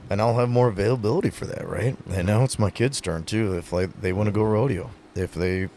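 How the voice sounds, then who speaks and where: A low-pitched man with a gravelly, creaky voice tells stories earnestly in a relaxed podcast chat. He is a pro rodeo rider. A faint hiss sits behind the recording. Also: a little fast. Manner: earnest, storytelling, many fillers. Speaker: retiring pro rodeo athlete, guest. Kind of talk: casual podcast conversation.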